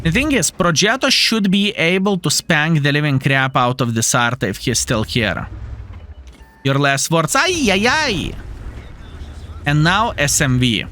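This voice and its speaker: A man's voice: on the high side, animated, unhurried, pushed and bright. A young man giving playful, jokey live commentary on his tank battle, calling his viewers fellas. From Lithuania. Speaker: gaming streamer.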